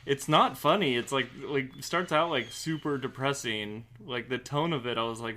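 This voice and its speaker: A man co-hosting a movie podcast, animated and exasperated, with a laugh in his voice. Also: medium pitch, normal speed, few pauses. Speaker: podcast co-host. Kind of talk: casual movie review chat.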